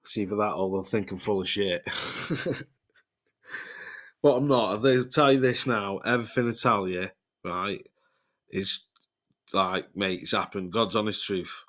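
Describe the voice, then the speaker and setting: A man's voice: lowish voice, measured pace, pauses often, fairly bright tone. A man, telling rambling podcast stories full of swearing and laughter. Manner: rambling, swears a lot, laughs mid-sentence. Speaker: podcast host. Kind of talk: casual storytelling.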